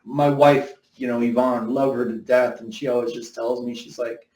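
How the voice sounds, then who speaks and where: Middle-aged man, rambling animated storyteller, echoey room, a bit off-mic. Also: medium pitch, normal speed, few pauses, a little hiss or hum. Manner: rambling, animated, quotes others in conversation. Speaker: BMX brand owner recounting company history. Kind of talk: casual storytelling interview. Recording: roomy echo, somewhat far from mic.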